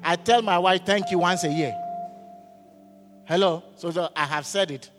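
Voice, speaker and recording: This pastor's sermon, given in a church hall, features a high voice delivered a little slowly. Again and again he asks the congregation questions and waits for them to reply. The sound includes hall reverb and faint music.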